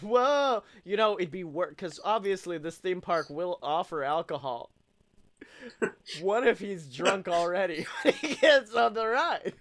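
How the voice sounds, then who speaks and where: A man hosting a casual comedy podcast, joking and swearing freely and breaking into loud laughs. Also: high voice, lively intonation, unhurried. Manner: joking, profane, bursts into loud laughs and voices. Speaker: podcast host.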